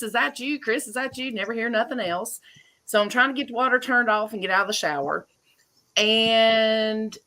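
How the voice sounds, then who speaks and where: A woman tells her story in a bright, forward voice, lively and chatty. She speaks as a guest over a video call, from home. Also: mid-range voice. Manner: chatty, animated retelling with laughs. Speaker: guest homeowner. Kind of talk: casual storytelling.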